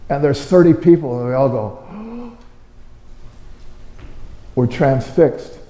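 A man's voice: mid-range voice, big pitch swings, unhurried, mellow. A man preaching a conversational, story-driven sermon, firing off rhetorical questions with sudden emphatic bursts. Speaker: pastor. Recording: roomy with long hall reverb.

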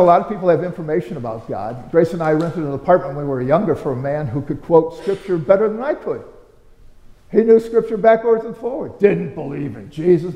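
A male pastor preaches in a loose, storytelling way, pressing his point with rhetorical questions and bursts of emphasis. His voice sits a little high for a man but sounds mellow and warm. The sound rings in a roomy church with a long hall reverb. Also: lo-fi sound. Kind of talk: storytelling sermon.

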